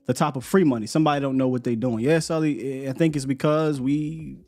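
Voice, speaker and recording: A man's voice: medium pitch, steady tone, a little fast, darkish tone. Laid-back man hosting a sports show. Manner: loose, laughing, repeats words. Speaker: sports podcast host. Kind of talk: casual live-stream chat.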